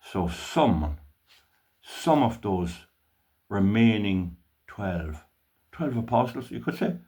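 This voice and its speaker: A man's voice: lowish voice, very animated, slow pace, a little mellow. An older Irish man and channel host telling a story in a casual, playful way, with mock drama and stammered repeats. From Ireland.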